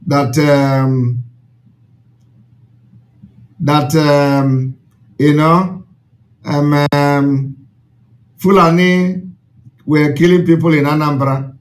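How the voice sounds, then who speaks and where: A man's voice: on the high side, steady tone, drawn-out words, pauses often. A man with a Nigerian accent, an Igbo speaker, addresses his followers in an impassioned, repetitive, preaching way.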